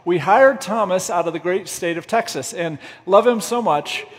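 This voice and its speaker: A man's voice: high voice, expressive, normal speed, breathy edge, big-room sound. A man preaching a humorous, self-deprecating storytelling sermon, laughing often as he goes. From United States. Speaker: pastor.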